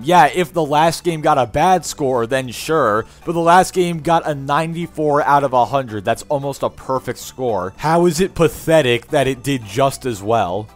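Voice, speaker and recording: A man hosting a reaction video, answering the clip with sarcastic, mocking rebuttals. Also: fairly high pitch. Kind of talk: reaction commentary.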